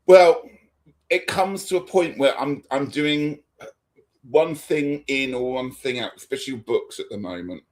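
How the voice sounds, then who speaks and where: A man's voice: medium pitch, a little slow. A man co-hosting a live tarot stream from home over a video call, cheerful and teasing, laughing easily. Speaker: co-host of a tarot livestream. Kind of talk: casual live chat.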